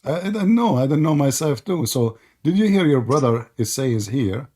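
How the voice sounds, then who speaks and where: A man's voice: mid-range voice, expressive, normal speed, mellow. A man hosting a live debate stream who asks pointed questions and keeps repeating words to press his point. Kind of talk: argumentative debate talk.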